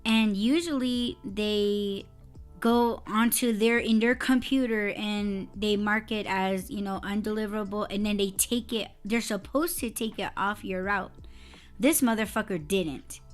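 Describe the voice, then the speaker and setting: A woman's voice: mid-range voice, steady tone, a little slow, faint music behind. A woman co-hosting a casual podcast, telling a story in a heated, profane way and breaking into laughter. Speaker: podcast co-host.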